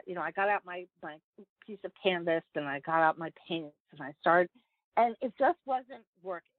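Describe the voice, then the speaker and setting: A woman's voice: lowish voice, no room sound. Chatty woman on a thin phone line. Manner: rambling, many fillers and restarts, earnest. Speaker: guest, pastor and writer. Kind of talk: casual interview conversation.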